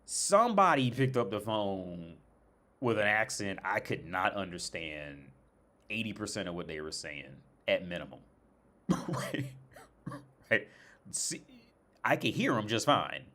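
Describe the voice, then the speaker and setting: A young man from the States rants casually about his troubles, swearing freely and tripping over his own words. His voice sits fairly low, and he sounds fed up and sarcastic as he talks. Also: sing-song, a little slow, pushed and bright. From United States. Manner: profane, exasperated storytelling with many restarts. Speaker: streamer. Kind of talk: casual rant.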